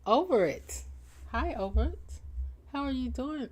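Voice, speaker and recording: A woman's voice: a little high, sing-song, unhurried, pauses often, darkish tone. A woman hosting a casual livestream, greeting viewers by name with playful, teasing banter and frequent laughter. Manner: laughs often between lines. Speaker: livestream host and chat moderator.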